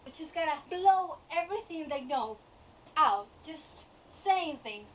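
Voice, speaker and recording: High-voiced young woman ranting animatedly. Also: measured pace, far from the mic, slight background noise, low-quality recording. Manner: animated, exasperated, laughs often. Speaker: vlogger. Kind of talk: casual rant about a TV show.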